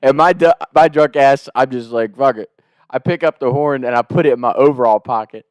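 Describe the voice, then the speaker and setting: A man's voice: mid-range voice, a little fast, a little mellow, clear, resonant tone, no room sound, clean studio sound. Profane man telling a comic story. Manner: profane, rambling, laughing between lines.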